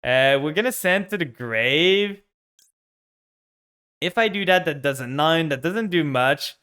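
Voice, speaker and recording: Bright-voiced man ranting over a card game. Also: a little high, lively intonation, unhurried, smooth. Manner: frustrated, ranting about his opponent. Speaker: streamer. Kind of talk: live gameplay commentary.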